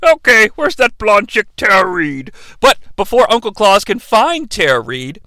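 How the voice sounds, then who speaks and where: A man hosting a comedic movie recap, joking and swearing freely in an animated rant. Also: sits high, unhurried, no room sound. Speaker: movie reviewer host.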